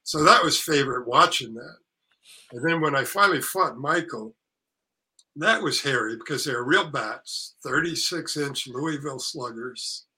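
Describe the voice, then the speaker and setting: An older man with a very bright, forceful voice spins casual stories about his acting days. He acts out everyone's lines and swears freely. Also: medium pitch, measured pace, rough recording. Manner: animated anecdote telling, acting out quotes, swearing. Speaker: actor and author guest. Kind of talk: casual storytelling interview.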